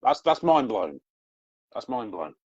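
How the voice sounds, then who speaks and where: A man's voice: medium pitch, very animated, unhurried, darkish tone, breathy edge, no echo. A man who writes scripts, talking in a casual chat, enthusiastic and rambling, correcting himself as he goes. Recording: dry, slightly dull lo-fi audio.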